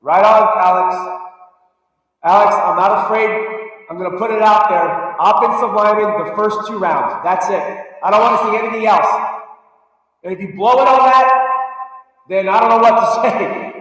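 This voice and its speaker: A man hosts a live sports talk show in a high, fired-up voice, pushing his points hard and breaking into shouts. He sits well back from the mic in a very echoey room with a long reverb tail. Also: normal speed, long pauses, far from the mic. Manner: emphatic, fired-up, shouts at times. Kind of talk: live sports talk rant reading viewer comments.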